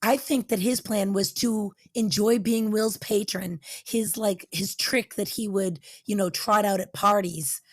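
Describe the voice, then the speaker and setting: A woman's voice: medium pitch, fairly even intonation, a little slow, hardly any pauses, no room sound. Woman, podcast co-host, casual opinionated film talk, dry close sound. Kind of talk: casual movie review chat.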